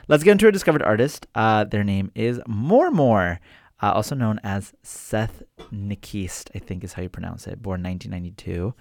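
Low gravelly young man. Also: moderate pace, dry recording. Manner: relaxed, laughs easily, many fillers. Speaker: co-host. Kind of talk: casual radio music chat.

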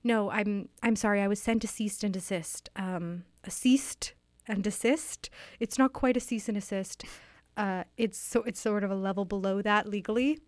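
A woman's voice: medium pitch, steady tone, no room sound. Earnest woman rambling in a mock interview, restarts a lot, dry close mic. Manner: earnest, halting, wistful with many restarts. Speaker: interviewee playing a fictional author. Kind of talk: improvised comedy interview. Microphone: studio microphone.

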